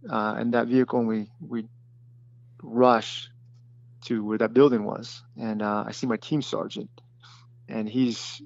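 Guy telling a war story in an interview, halting, lots of ums, dry kinda dull recording. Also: medium pitch, gravelly, no room sound. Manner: plain, halting storytelling with many fillers and restarts. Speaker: former special forces detachment commander. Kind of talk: recounting a combat story in an interview.

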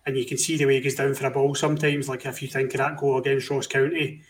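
A man's voice: medium pitch, little pitch movement, quick pace. A man speaking firmly in a casual football podcast chat. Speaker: podcast co-host.

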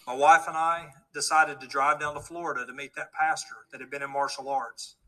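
Earnest man telling a bright-toned testimony. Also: a little high, fairly even intonation, a little fast, rough recording. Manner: earnest storytelling, acts out quoted dialogue. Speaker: speaker giving a testimony. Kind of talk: testimony story told to a live audience.

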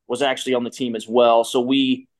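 A man's voice: mid-range voice, level tone, brisk. A man in his thirties, a guest telling a story in a casual, rambling way with many restarts and fillers. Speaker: guest, former pitcher.

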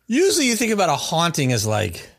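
Animated, rambling male podcast storyteller. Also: a little high, quick pace, gravelly, no room sound, studio quality. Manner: rambling, many restarts and fillers. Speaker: podcast host telling a story.

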